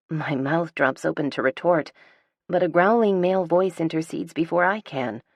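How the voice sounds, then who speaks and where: A woman reading a romantic suspense audiobook in the first person, with a dry, sardonic, measured delivery close to the microphone. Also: low-pitched, no echo. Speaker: audiobook narrator.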